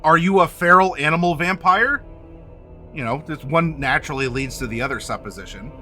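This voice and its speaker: A man hosting a game master workshop, talking to camera and addressing the viewer directly in an animated way. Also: on the high side, brisk, soft background music. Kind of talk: instructional talk to camera.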